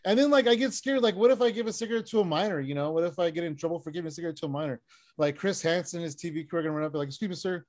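A man performing a stand-up set over a video call, deadpan one-liners with frequent "uh" fillers. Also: a little high, very fast. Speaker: stand-up comic.

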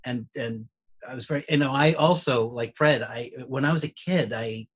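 A man, a cast member, reflecting warmly and rambling with halting restarts. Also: medium pitch, slightly rough. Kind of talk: reflective casual chat.

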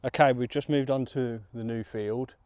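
A man with a Midlands accent, out of breath, chatting excitedly to the camera outdoors while metal detecting in a field. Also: mid-range voice, normal speed, a little hiss or hum. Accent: English Midlands. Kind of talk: casual outdoor commentary.

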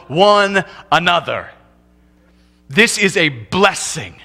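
Male pastor, lively sermon delivery, higher bright voice, mock voices for comic bits. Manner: animated, shifts from loud emphatic to quiet and low; acts out couples' lines in quick comic voices. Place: church.

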